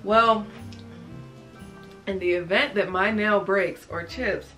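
A woman's voice: mid-range voice, slow, sharp tone, soft background music. A young woman showing what's in her bag to her viewers, chatty and casual, calling them y'all. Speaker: beauty vlogger. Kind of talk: casual show-and-tell vlog.

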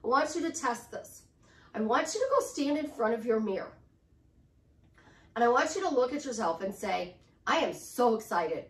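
Talking to camera, a middle-aged life coach keeps things upbeat and casual, repeating affirmations between chatty asides. Her slightly high, bright voice is very animated, moving at a moderate pace with frequent pauses. She sounds distant from the mic in a roomy space.

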